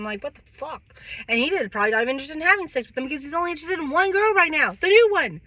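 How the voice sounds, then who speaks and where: Middle-aged woman, candid vlog monologue, slightly high and very bright tone, rambling and profane. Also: animated, fast, no echo. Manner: rambling, heavily profane, sighing and laughing. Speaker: vlogger.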